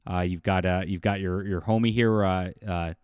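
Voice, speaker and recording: A man giving casual, scornful commentary for his video channel, laughing often and filling pauses with "uh". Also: deep voice, steady tone, darkish tone, smooth, no echo, studio quality. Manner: scornful, mocking, laughs often, many fillers. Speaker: YouTube commentator.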